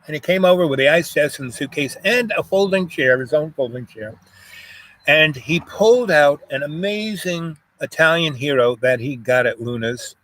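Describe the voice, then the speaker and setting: Older man from Jamaica, loose rambling storyteller, slightly raised pitch, outdoors near passing traffic. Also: lively intonation, moderate pace, a bit bright. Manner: meandering, full of "you know" and "um" fillers. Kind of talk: rambling personal anecdote.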